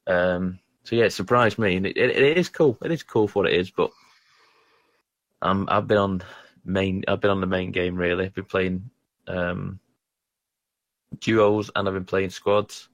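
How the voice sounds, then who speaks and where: Talking casually about video games, a man with a deep, low-pitched voice rambles and stumbles over his words, often making fun of himself in a halting, self-deprecating way. His tone stays steady, and the sound is close and dry with no echo.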